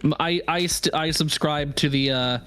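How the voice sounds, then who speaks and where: A man's voice: fairly high pitch, normal speed, fairly bright tone, smooth. Stammering, gushing man co-reader. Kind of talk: casual chat.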